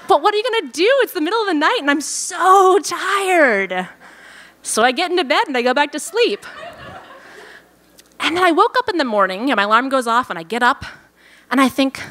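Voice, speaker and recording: A woman telling a personal story live on stage at a venue event, lively and self-amused, acting out her own thoughts. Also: high voice, brisk.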